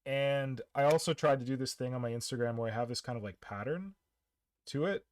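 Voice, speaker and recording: A man's voice: mid-range voice, brisk, no echo. Joking, rambling man hosting a stream. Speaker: stream host. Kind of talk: casual chat.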